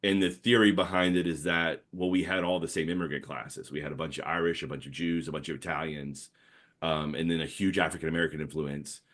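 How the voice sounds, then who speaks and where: A comics artist guest in his thirties, from the New Orleans area with a Yat accent, speaks in a very deep voice at a brisk pace. He tells animated, rambling stories in casual podcast chat, packed with fillers.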